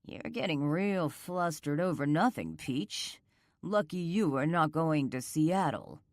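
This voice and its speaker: Woman doing a cruel outlaw boss, smug, slow taunting drawl, low voice, dry close sound. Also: animated, darkish tone, no echo, heavily acted.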